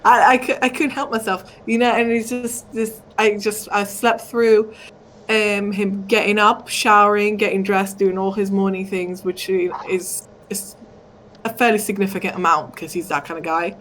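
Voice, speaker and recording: A woman's voice: medium pitch, steady tone, normal speed, a bit bright, slight background noise, rough recording. A woman in her thirties, a tired mother, chatting casually and short of breath. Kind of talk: casual chat.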